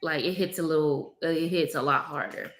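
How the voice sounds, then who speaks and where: A woman's voice: low-pitched, normal speed. A young mother talks to her viewers in a candid, confiding casual vlog, tearful and close to crying. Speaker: vlogger, mother of three. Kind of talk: emotional casual vlog chat. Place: at home, with her baby on her lap.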